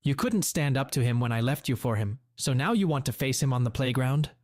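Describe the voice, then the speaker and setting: A man's voice: mid-range voice, expressive, a little fast, a little mellow, no echo, lightly acted. A man voicing a bitter middle-aged woman who is cold and defensive, asking curt, cutting questions in a dry, close read. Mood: cold, sharp.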